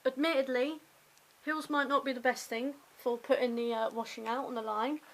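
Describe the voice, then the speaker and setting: A young woman from Hampshire, England, with a slight London twang, rambles chattily through a daily vlog filmed on a compact camera mic. Her high voice holds a steady tone at moderate pace with vocal fry, the recording low-quality, and she drops in self-mocking asides.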